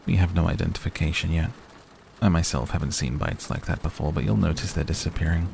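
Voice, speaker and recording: A methodical, matter-of-fact father, read by a man with a deep, gravelly voice. He lays out details steadily in a storybook reading, with a noisy recording. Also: fairly even intonation, fast, a little mellow.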